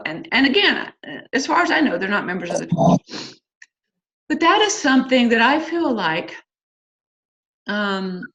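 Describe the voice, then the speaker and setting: A woman's voice: a little high, fairly bright tone. Chatty middle-aged woman, lo-fi recording. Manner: chatty, rambling, candid, many fillers and asides. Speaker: host of a church singles class. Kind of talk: casual talk to a church group. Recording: slightly dull lo-fi recording.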